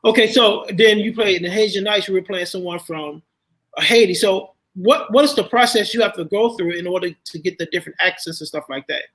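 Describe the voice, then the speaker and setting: High-voiced man interviewing. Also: fairly quick, a bit bright, low-quality recording. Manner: searching, restarts often while framing questions. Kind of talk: casual conversational interview.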